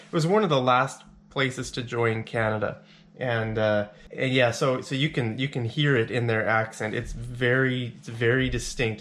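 A man's voice: mid-range voice, fairly bright tone. A man vlogging to camera indoors in a rented apartment. He talks in a rambling, chatty way with frequent restarts. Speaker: travel vlogger. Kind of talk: casual chat to camera.

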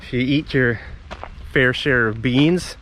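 A man's voice: medium pitch, slow, a bit bright, slight background noise. A man recording a casual walking vlog outdoors for his English learners, talking in a chatty, rambling way and a bit out of breath. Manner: chatty, rambling, friendly to viewers. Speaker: English teacher YouTuber. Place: outdoors on a forest path.

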